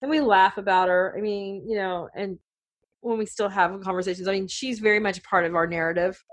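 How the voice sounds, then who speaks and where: A middle-aged woman in casual conversation, telling family stories in a rambling, animated way with many fillers. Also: medium pitch, fairly quick. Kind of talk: casual chat.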